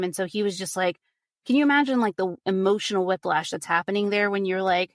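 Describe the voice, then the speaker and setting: A woman's voice: mid-range voice, fairly quick, dry recording, studio quality. Chatty woman retelling a crime case. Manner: animated retelling, frequent "like" and "you know", acts out quotes. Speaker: podcast guest recounting a case. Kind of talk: casual true crime storytelling.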